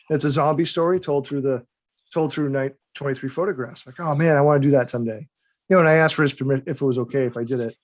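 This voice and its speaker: A man, a guest author, talking casually on a video call, rambling with restarts and small laughs. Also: a little high. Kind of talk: casual interview chat.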